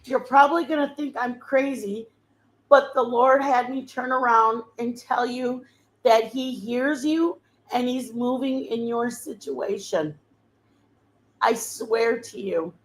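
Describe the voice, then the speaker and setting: A woman's voice: fairly high pitch, takes it slowly, poor audio. A woman voicing an earnest stranger lady.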